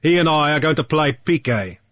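A man's voice: fairly high pitch, expressive, brisk, fairly bright tone, dry recording. A man reading the part of a sullen, bullying man at cards, speaking in a curt, pushy way.

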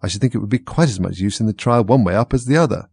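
A man's voice: fairly low pitch, very fast, creaky, a little mellow, husky, dry recording. A man voicing a plucky, outspoken young girl who answers back forthrightly. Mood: musing.

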